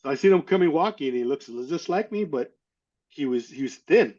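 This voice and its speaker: A middle-aged man's fairly high, expressive voice, a little fast and a little mellow, carries a personal story he tells as an interview guest. He is frank and earnest but often stops, restarts and repeats words. The recording is lo-fi and slightly dull.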